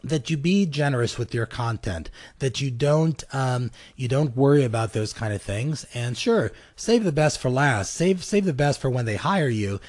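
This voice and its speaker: A man's voice: mid-range voice, lively intonation, normal speed, few pauses, darkish tone. A man with a mid-range voice hosts an advice podcast in an easy, conversational way. He fills his talk with ums and you-knows, and now and then acts out little exchanges to make his point. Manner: conversational, many fillers, acts out little dialogues. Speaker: podcast host. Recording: live program.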